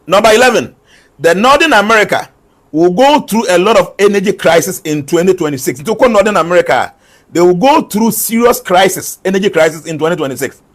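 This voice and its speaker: A man with a somewhat raised pitch reads out prophetic forecasts by number. He repeats each point and slips between English and a local language as he explains. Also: lively intonation, brisk. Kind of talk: numbered predictions mixed with local-language asides.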